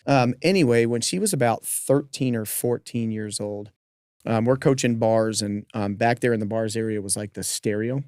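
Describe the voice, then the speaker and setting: A man who hosts a podcast and coaches gymnastics, telling a personal story in a lively way with joking asides. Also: fairly low pitch, moderate pace, clear, resonant tone, dry recording, clean studio sound. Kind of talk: casual interview storytelling.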